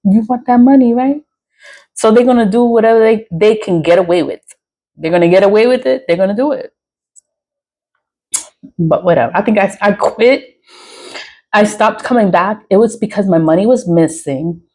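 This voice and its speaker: Woman vlogger with a mid-range voice, rambling casually, blunt and profane, quick to laugh. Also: medium pitch, warm tone, rough recording. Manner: frank, swears freely, laughs often. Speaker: spiritual vlogger.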